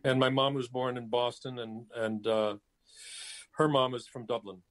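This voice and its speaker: A man in his seventies, a guest talking casually over his cell phone, pausing often with fillers and restarts. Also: medium pitch, steady tone. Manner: hesitant, many fillers and restarts. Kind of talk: casual interview chat.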